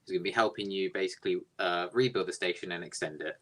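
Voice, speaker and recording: A man's voice: deep voice, quick pace, a bit bright, voice pushed down. A man playing a bossy railway boss. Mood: businesslike. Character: bossy male railway controller.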